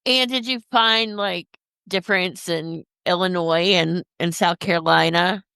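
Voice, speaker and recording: Smooth-voiced woman host asking questions. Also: lowish voice, fairly even intonation, measured pace, pushed and bright, dry recording. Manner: hesitant, filler-laden questions. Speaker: podcast host. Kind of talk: interview questions.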